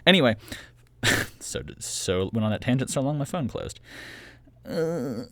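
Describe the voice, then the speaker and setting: A man's voice: mid-range voice, animated, measured pace, fairly bright tone, no echo. A man hosting his own podcast in casual solo chat, rambling and giggling through tangents, recorded in a small closet. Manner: rambling, giggly, prone to tangents and silly voices. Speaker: podcast host and series creator.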